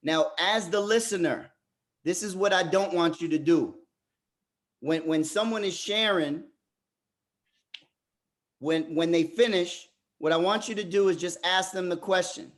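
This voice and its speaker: A man facilitating a fathers' group workshop who talks emphatically and often repeats words as he restarts. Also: sits high. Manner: turns soft and slow in reflective parts. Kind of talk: motivational workshop talk.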